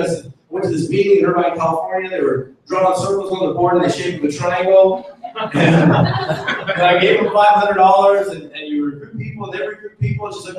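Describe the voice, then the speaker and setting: A man's voice: high voice, brisk, a crowd in the background. A man giving a live motivational talk to an audience, telling joking stories with energy. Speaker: motivational speaker. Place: event room with an audience. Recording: echoey hall from far off, faint noise.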